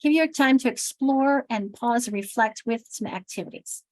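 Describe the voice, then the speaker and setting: Crisply enunciating American woman presenter. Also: a little high, normal speed, few pauses, no room sound, rough recording. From United States. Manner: lively, demonstrative, models sounds aloud. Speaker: teacher trainer. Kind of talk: workshop presentation.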